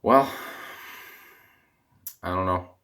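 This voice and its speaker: Young Canadian man, low-ish voice, dejected rambling vlog rant, voice cracking, slightly off-mic. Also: drawn-out words, sharp tone. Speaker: vlogger, hockey fan.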